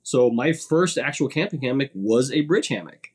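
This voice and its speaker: A man speaks as a guest on a podcast, in a relaxed, conversational way. His voice sits in a middle range, and he stumbles over his first words now and then before settling into a loose, rambling flow. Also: mid-range voice, normal speed, slightly rough. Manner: rambling, repeats words when starting sentences. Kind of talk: casual podcast chat.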